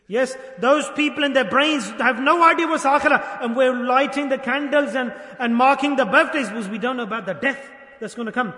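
A man's voice: very high-pitched, fairly quick, hardly any pauses, sharp tone. A man preaching a sermon, urging his listeners with emphatic, repeated calls. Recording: echoey hall.

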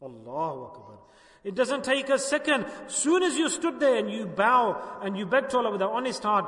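Male preacher with a high voice, pleading and repetitive, recorded from afar in a reverberant mosque. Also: sing-song, normal speed, a bit bright. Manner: impassioned, pleading, repetitive exhortation. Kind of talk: sermon. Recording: distant echoey hall recording.

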